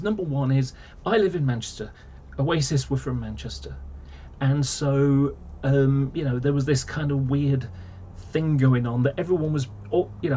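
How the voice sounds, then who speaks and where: A man's voice: medium pitch, warm tone, slight background noise. A man ranting casually to camera, rambling and exasperated, full of fillers and restarts. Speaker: vlogger.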